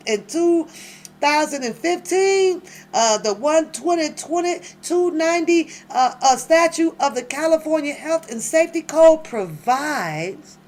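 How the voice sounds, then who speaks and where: Laughing, animated woman reacting to a legal filing. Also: high voice. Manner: animated, laughs often, exclaims to her audience. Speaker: reaction channel host. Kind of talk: casual reading and reaction commentary.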